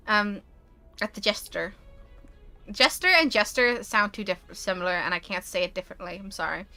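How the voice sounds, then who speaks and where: A woman's voice: medium pitch, normal speed, soft background music. A young woman streaming a game, reading it aloud with chatty asides. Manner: chatty, animated asides, talks with food in mouth.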